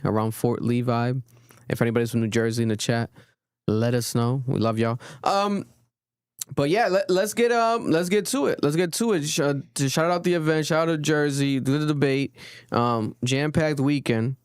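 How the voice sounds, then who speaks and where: Rambling, animated young podcast host, man. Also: mid-range voice, smooth, dry recording, studio quality. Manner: rambling, animated, swears often. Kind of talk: casual podcast chat. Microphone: studio podcast mic.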